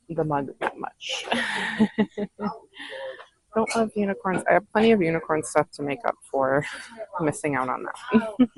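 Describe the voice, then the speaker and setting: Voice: mid-range voice, vocal fry, slightly rough, no echo, low-quality recording. A thrift vlogger chatting casually while browsing a store, musing aloud over prices with frequent giggles. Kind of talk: casual shopping vlog chat.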